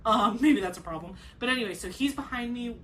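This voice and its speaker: Chatty young woman with a bright voice. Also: on the high side, brisk. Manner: chatty, lots of "like" and restarts. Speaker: craft channel host. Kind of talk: casual chat, telling a birth story.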